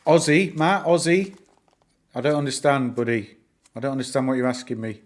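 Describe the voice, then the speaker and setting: Northern English male host, middle-aged, mid-pitched, casual streaming chat, lots of ums. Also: steady tone, normal speed. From northern England. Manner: chatty, rambling, answers chat, lots of fillers. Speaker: livestream host.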